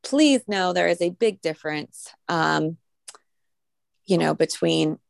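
A woman's voice: lowish voice, expressive, slow, creaky, dry recording. A woman co-hosting a spiritual podcast, explaining an exercise in a rambling, casual way with many fillers. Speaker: podcast co-host.

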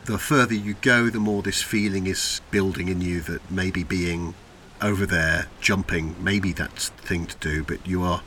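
Bright-voiced male game master narrating. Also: low-pitched, a little hiss or hum. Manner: descriptive, unhurried, with fillers. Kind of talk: narrating a tabletop role-playing game.

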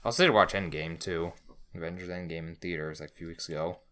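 A man's voice: sits low, fairly even intonation, quick pace, crowd noise. A man, co-hosting a casual podcast, telling a rambling story and swearing freely. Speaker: podcast co-host.

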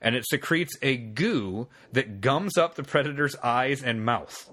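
A man's voice: mid-range voice, expressive, a little slow, sharp tone. Laid-back podcast host, a man. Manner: laid-back, swears casually, dry humor. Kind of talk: casual chat.

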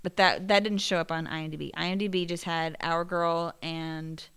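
Woman podcast co-host, bright crisp voice, animated storyteller, laughs often. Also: fairly low pitch, normal speed. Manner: animated, laughs often, gets loud telling stories. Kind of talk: casual chat.

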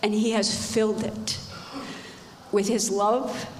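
A woman's voice: medium pitch, flat delivery, slow pace. A middle-aged woman giving an emotional personal testimony at church, emphatic and repeating her phrases. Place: church hall. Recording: echoey hall with faint background noise.

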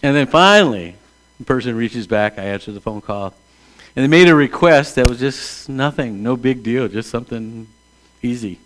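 A man in his sixties, a pastor, preaching a conversational sermon that moves between hushed asides and emphatic calls. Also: medium pitch, moderate pace. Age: 60s.

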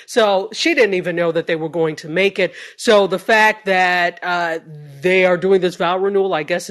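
A woman's voice: lowish voice, fairly bright tone. A woman co-hosting a casual chat, telling stories with emphasis and acting out quotes. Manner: emphatic, drawn-out storytelling with mock quotes. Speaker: podcast co-host. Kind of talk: casual reality-TV recap chat.

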